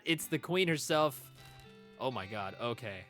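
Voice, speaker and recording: A man streaming a video game, chatty and quick to laugh as he reads along and talks to chat. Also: mid-range voice, lively intonation, a bit bright, soft background music. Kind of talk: casual let's-play commentary.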